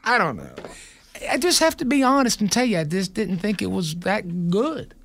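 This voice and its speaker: A man hosts a radio morning show, trading jokes and jabs with his co-hosts and guests. His voice sits a little high for a man and swings widely as he talks. The banter is loose and playful. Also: very animated, a bit bright, slightly rough, no echo. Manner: joking, teasing, quick to jab.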